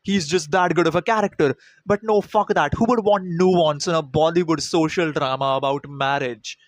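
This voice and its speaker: A man's voice: on the high side, moderate pace. A man ranting through a film review vlog, sarcastic and heavily profane. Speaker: film critic.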